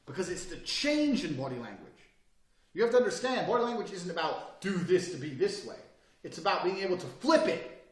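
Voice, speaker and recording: Blunt, profane man with a lively voice. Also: high voice, a little fast, roomy sound, far from the mic. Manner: blunt and profane, dropping suddenly from loud to quiet. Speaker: speaker giving advice. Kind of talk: motivational talk.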